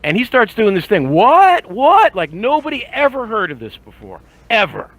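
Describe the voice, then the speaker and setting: An older man talking heatedly in a casual group chat, indignant and animated. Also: sits high, fairly quick, dry recording, rough recording. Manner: animated, indignant, mocks others with voices. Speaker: podcast panelist.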